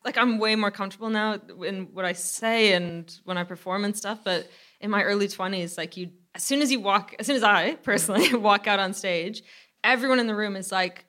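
A woman in her thirties, a comedian guest on a live podcast, telling self-deprecating stories with animated energy. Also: medium pitch, brisk. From Canada.

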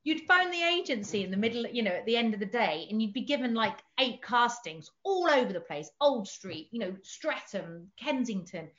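Woman, 40s, from southern England; chatty, animated storyteller; slightly dull podcast audio. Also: fairly high pitch, normal speed, hardly any pauses. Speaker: guest. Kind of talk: casual chat.

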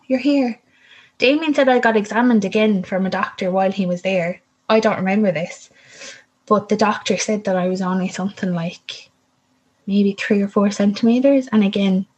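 A woman's voice: medium pitch, slightly rough, poor audio. A young woman candidly telling her own birth story in casual talk, rambling and correcting herself as she goes. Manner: candid, rambling, self-interrupting, with laughs and swearing.

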